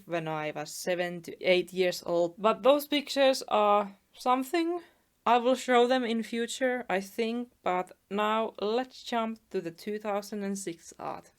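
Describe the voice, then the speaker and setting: Soft-spoken woman, clear voice. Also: mid-range voice. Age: 20s. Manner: soft, chatty, laughs at herself. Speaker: artist vlogger. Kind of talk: casual narration over speedpaint.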